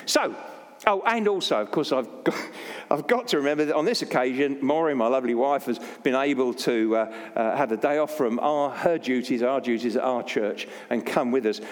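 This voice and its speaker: A man's voice: mid-range voice, moderate pace. An older man preaching as a Baptist pastor, jokey and anecdotal, poking fun at himself. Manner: jokey, anecdotal, self-deprecating. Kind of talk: sermon. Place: church. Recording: long church reverb.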